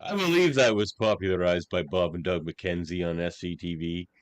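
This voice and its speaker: A man's voice: sits low, moderate pace. A man from Nova Scotia co-hosting a podcast, talking in an easygoing, wry way. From Canada, Nova Scotia. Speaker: podcast co-host. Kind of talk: casual review chat.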